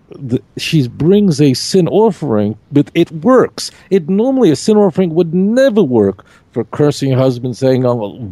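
A man's voice: a little high, dark tone, no echo. A man, a rabbi, explaining scripture in a casual discussion, earnest and admiring, with joking asides. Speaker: rabbi, guest teacher.

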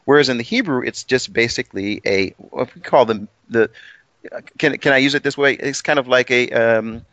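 A man's voice: mid-range voice, normal speed, fairly bright tone, no room sound, muffled recording. Rambling self-deprecating man co-host. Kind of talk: casual Bible study chat.

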